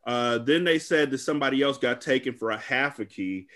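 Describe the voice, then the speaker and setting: A man's voice: medium pitch, brisk, fairly bright tone. A man on a podcast casually recapping a bad movie, rambling, cursing and joking. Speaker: podcast host.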